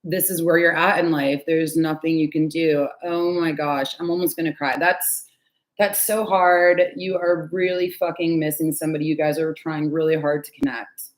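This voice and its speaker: A woman's voice: sits low, fairly even intonation, moderate pace. A woman giving a casual tarot reading from home, chatty and candid, with frequent sighs and the odd swear word. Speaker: tarot reader.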